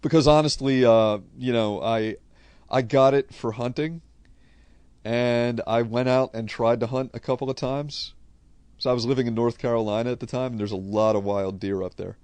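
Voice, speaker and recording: A man's voice: medium pitch, fairly even intonation, normal speed, darkish tone, smooth, dry recording. A man from Connecticut with a New England accent, chatting casually and bluntly, swearing freely as he answers viewer questions. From Connecticut, USA. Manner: profane, blunt, rambling. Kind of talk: casual unscripted chat.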